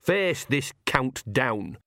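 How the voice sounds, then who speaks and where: A man's voice: medium pitch, sing-song, very slow, creaky, fairly bright tone, no room sound, clean studio sound, full character voice. A man voicing an earthy, shameless old witch woman who talks in a blunt, bawdy, down-to-earth way, in an audiobook reading.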